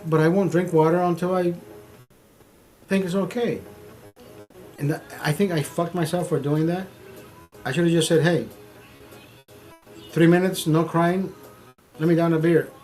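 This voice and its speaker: A middle-aged man hosting a stream, telling a story in casual, profane, animated talk, repeating phrases for emphasis. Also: fairly high pitch, measured pace, long pauses, faint music behind. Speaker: streamer host.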